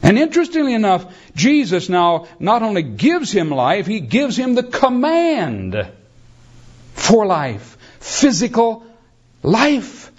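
A man preaching with a high, lively voice that climbs and falls with emphasis. He takes his time, letting lines land slowly and calling his listeners beloved. The recording is dull and lo-fi. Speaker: pastor. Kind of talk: sermon.

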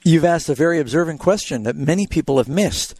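A man's voice: fairly high pitch, lively intonation, darkish tone, breathy edge, no echo. Man hosting a call-in Bible radio show. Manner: explanatory, tells anecdotes, measured.

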